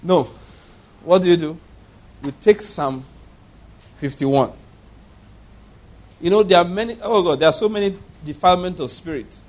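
A high-pitched male preacher from Nigeria delivering a sermon. He drops into low, quiet storytelling, then climbs into loud exhortation. He keeps putting rhetorical questions to the congregation. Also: normal speed, pauses often. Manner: swings between low murmurs and loud exhortation.

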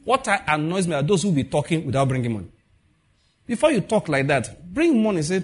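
Husky Nigerian preacher, lively delivery. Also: male voice, on the high side, quick pace. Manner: animated, acts out quoted dialogue, asks the audience questions. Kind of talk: conversational sermon.

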